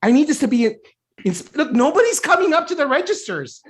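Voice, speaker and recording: A man improvising a comedy scene as a store manager, talking in a halting way full of fillers. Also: very high-pitched, sing-song, crowd noise. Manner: hesitant, filler-heavy boss talk.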